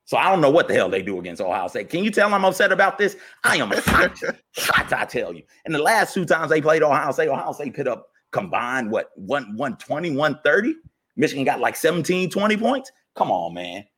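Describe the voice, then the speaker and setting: A man, fired up and ranting about football as a podcast co-host, jumping from loud outbursts to low grumbles. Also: big pitch swings, fairly quick, breathy edge. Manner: fired-up, swings from shouting to muttering. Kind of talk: heated sports rant.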